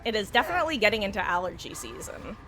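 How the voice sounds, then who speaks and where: A woman from the United States, chatting casually and rambling as she streams a game, often clearing her throat. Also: medium pitch, sing-song, very fast, music in the background. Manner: rambling, chatty, self-correcting. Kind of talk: casual live-stream chat while gaming.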